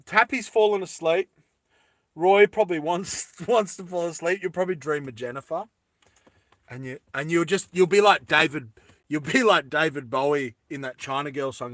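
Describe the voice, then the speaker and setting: A man's voice: on the high side, normal speed, a bit bright, dry recording. Playful, giggly man streaming live. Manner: playful, giggly, chatty with viewers. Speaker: live streamer making jewellery. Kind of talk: casual live-stream chat while crafting.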